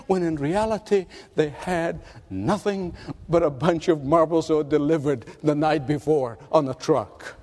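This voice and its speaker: A man's voice: fairly high pitch, measured pace, darkish tone. A man preaching a sermon, telling a story and driving it home with emphatic rhetorical questions. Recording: long hall reverb.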